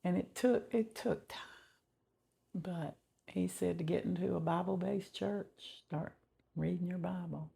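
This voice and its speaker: A middle-aged woman giving a slow, heartfelt personal faith testimony, often dropping to a whisper. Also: lowish voice, steady tone, warm tone. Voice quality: gravelly and very husky. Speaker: testimony vlogger.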